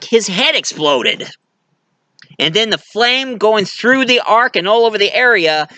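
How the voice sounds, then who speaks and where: Bright-voiced man rambling through a review. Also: high voice, clean tone, dry recording. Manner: rambling plot retelling with fillers. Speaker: movie reviewer. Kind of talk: casual movie review.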